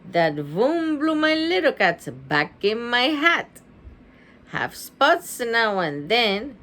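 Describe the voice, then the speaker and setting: Cheery bossy storybook cat, woman reading him out, slow and singsong, lots of ups and downs. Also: a little high, sing-song, sharp tone, exaggerated voice. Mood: bossy cheerful. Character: playful mischievous male cartoon cat.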